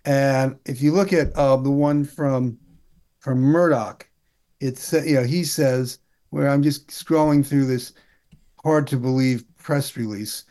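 A man talking politics in a casual chat, wry and halting, with many restarts. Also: medium pitch, steady tone, mellow.

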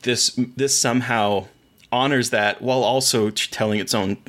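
A man's voice: mid-range voice, steady tone, moderate pace, fairly bright tone. A man co-hosting a podcast, chatting casually about films and shows, rambling and enthusiastic with many restarts. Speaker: podcast co-host.

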